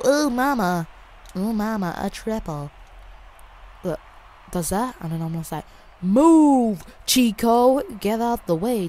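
A woman giving excitable, jokey live commentary over her own gameplay, with bursts of loud exclamations. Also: medium pitch, slight background noise. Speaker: gaming YouTuber.

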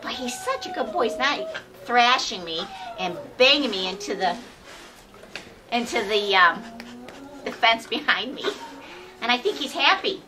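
A woman with a fairly high, sing-song voice talks casually to the camera about shelter dogs, out of breath as she holds them. Her talk is full of coaxing asides. The local TV recording carries clear hiss and the sounds of dogs. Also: sing-song, a little slow, pauses often. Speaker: shelter volunteer presenting dogs. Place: outdoors by a fence with dogs.

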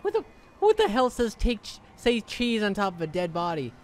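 A man's voice: sits high, wildly swooping pitch, normal speed. A man giving casual, amused commentary while streaming a role-play game, often laughing.

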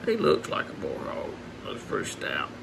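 A man's voice: extremely low pitch, huge pitch swings, normal speed, vocal fry, noisy background. A man narrating a casual outdoor vlog as a hog trapper, chatting in a folksy way with asides to his viewers. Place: outdoors near a house.

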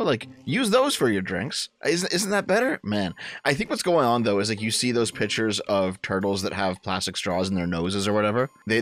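A young man hosting a show, reacting to clips with loud, crude exclamations and swearing. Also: fairly low pitch. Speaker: commentary host.

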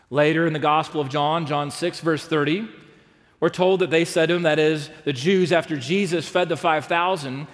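Preacher in an echoing sanctuary. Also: male voice, on the high side, steady tone, normal speed. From Texas. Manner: earnest, swings from loud emphatic peaks to hushed asides; asks the congregation rhetorical questions. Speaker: pastor. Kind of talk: sermon. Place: large church sanctuary. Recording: long reverb of a big sanctuary.

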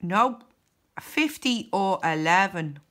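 Woman vlogger, unhurried, crisp bright tone, chatty number-by-number commentary. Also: mid-range voice, lively intonation. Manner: chatty, counts numbers aloud, cheers and groans. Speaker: scratch card vlogger. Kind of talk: casual commentary while scratching cards.

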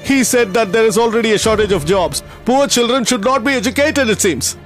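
An actor dubbing a gentle, caring male teacher who talks in an emotional, pleading way. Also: very high voice, a little fast, faint music behind. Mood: bitter. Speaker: teacher running a school for poor children. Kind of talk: dubbed film acting.

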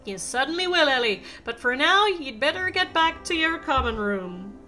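A woman voicing a big, kindly male giant groundskeeper in a rough, put-on rural accent. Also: high-pitched, big pitch swings, normal speed, sharp tone, full character voice. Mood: gruff, kindly.

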